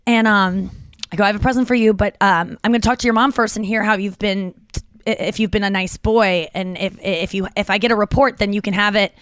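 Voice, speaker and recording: A woman in her thirties co-hosting a podcast, telling animated stories in casual chat with lots of restarts and fillers. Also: medium pitch, fairly quick, smooth, no echo. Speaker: podcast co-host.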